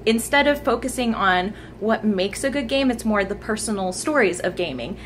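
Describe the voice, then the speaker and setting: A woman's voice: medium pitch, lively intonation, normal speed. A young woman giving a chatty, enthusiastic update on her gaming channel, recorded close on her smartphone at home. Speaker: gaming YouTuber. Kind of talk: informal channel update vlog. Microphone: smartphone camera mic held close. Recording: smartphone mic, faint background noise.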